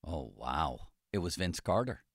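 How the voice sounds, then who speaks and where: A man, a sports journalist, chatting casually about sports in a lively, joking way. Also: extremely low pitch, vocal fry, husky, no echo, studio quality. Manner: lively, joking, quick to laugh.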